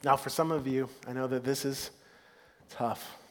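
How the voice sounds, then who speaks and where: A man preaching a sermon as pastor, earnest, moving between hushed, soft passages and loud, upbeat ones. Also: mid-range voice, steady tone, moderate pace. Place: church sanctuary. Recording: long hall reverb.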